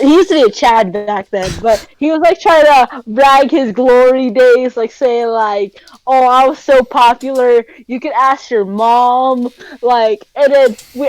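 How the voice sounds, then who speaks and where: High-voiced young woman rambling casually. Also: darkish tone, dry recording, poor audio. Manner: rambling storytelling with lots of fillers and slangy asides. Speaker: podcast co-host. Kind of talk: casual chat.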